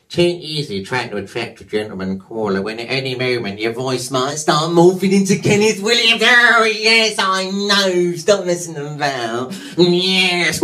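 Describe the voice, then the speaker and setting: A man's voice: on the high side, fairly bright tone. A man impersonating a prim, camp, nasal older man with drawling, swooping exclamations.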